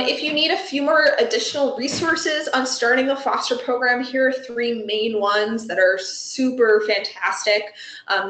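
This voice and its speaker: A woman's voice: a little high, fairly bright tone. Woman presenting a webinar in a roomy echo. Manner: friendly, chatty, frequent ums and you-knows. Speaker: animal shelter foster program presenter. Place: Los Angeles area.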